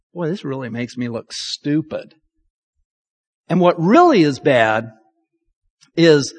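Pastor, male, high lively voice, chatty self-mocking sermon, long hall reverb. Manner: candid, self-deprecating and chatty. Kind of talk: conversational sermon.

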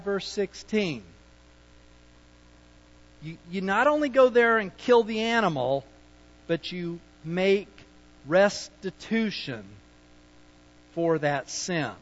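A man preaching slowly and deliberately, his voice sitting a little high for a man. He drives his points hard, then drops to quiet asides. The recording is dull and muffled, with a faint hum behind it. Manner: emphatic, swings between loud points and quiet asides; acts out sheepish excuses in a low mutter. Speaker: pastor. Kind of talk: sermon.

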